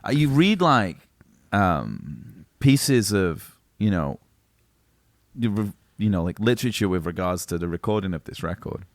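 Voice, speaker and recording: Deep-voiced man in rambling chat. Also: very animated, measured pace, creaky, dry recording, studio quality. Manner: rambling, full of fillers and asides. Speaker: podcast co-host. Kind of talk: casual music chat.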